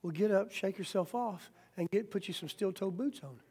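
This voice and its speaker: A man preaching a sermon as pastor, plainspoken and folksy, swinging from quiet talk to sudden loud rises. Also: sits high, moderate pace, husky.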